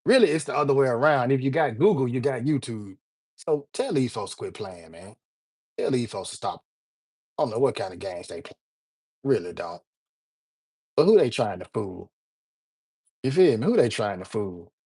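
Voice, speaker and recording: A man's voice: mid-range voice, normal speed, pauses often, husky. A man hosting a casual livestream, joking and talking straight to his viewers. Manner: animated, repetitive, jokey, addresses viewers directly. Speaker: livestream host.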